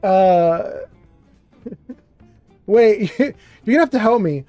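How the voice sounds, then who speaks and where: Casual gaming streamer, mid pitch, rambling and self-mocking, music low in the mix. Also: very animated, slow pace, dark tone, no echo. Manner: rambling, self-deprecating, many fillers. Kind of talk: gameplay commentary and storytelling.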